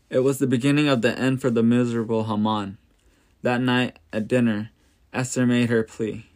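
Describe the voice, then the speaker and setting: A man reads a Bible story aloud at an ordinary mid pitch. His delivery is plain and steady, and he only lightly shades the quoted characters. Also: normal speed.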